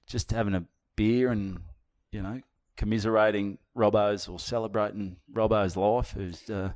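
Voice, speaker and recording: A man's voice: lowish voice, fairly even intonation, normal speed, a little mellow. A man with an Australian accent, a stand-up comedian telling a story in casual chat, rambling and swearing. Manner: rambling, restarts sentences.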